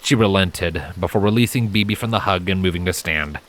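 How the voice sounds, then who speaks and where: A man narrating a fanfiction story in a calm, steady read-aloud manner. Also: low voice, fairly quick. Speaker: fanfiction reader.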